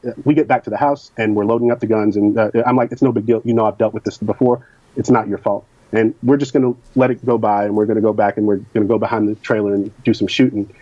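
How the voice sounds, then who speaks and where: A man's voice: medium pitch, warm tone, breathy edge, dry recording. A man from Kentucky who frankly recounts his personal experiences as an interview guest, recorded in a dull lo-fi sound. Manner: candid and frank.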